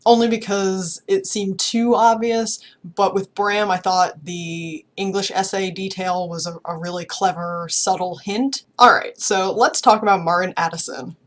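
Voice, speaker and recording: A woman's voice: medium pitch, steady tone, unhurried, few pauses. Chatty young woman reviewing a book. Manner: chatty and enthusiastic.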